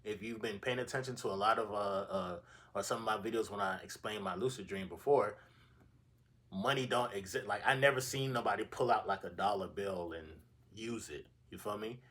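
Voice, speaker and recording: A man's voice: fairly low pitch, moderate pace, a bit bright. A young man hosting his own channel, telling a dream story in a slangy, profane, rambling way. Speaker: channel host. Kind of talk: casual storytelling vlog.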